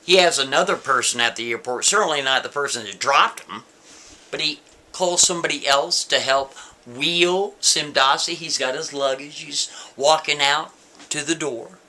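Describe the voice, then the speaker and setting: A man's voice: a little high, normal speed, bright, forceful tone. A man telling a story casually, talking straight to the listener and checking in with them often. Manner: conversational, asks listener "right?" and "see?".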